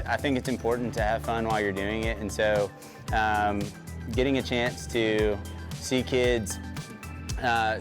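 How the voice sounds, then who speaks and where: A man speaking in an interview in a halting way with many fillers. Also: fairly low pitch. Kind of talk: interview soundbite.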